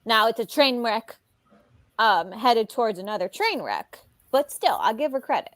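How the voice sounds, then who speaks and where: Give me a woman with a very lively pitch, dry recording, chatting wryly on a podcast. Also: normal speed, dry recording. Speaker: podcast co-host. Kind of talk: casual chat.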